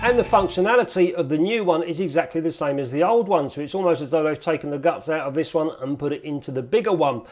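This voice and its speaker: A man's voice: on the high side, quick pace, hardly any pauses, darkish tone, soft background music. A man chatting casually and upbeat to camera as a film photography vlogger.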